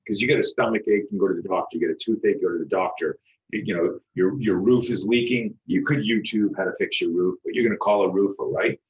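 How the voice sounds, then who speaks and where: Animated middle-aged storyteller, low voice. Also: male voice, fast talker, dull audio. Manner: animated, acts out quoted dialogue, frequent restarts, swears. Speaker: guest, self-defense instructor.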